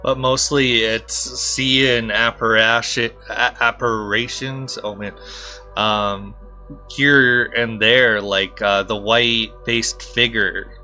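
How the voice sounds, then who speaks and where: A man hosting a podcast, reacting with interest and asking quick, curious follow-up questions. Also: medium pitch, fairly even intonation, sharp tone, faint music behind. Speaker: podcast host. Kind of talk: casual interview chat.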